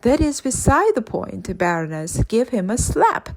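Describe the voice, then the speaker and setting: A woman's voice: fairly high pitch, very animated, a little slow, vocal fry, full character voice. A woman reading aloud and voicing a haughty, stern old queen who snaps orders. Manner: imperious, snappish. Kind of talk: audiobook character voice.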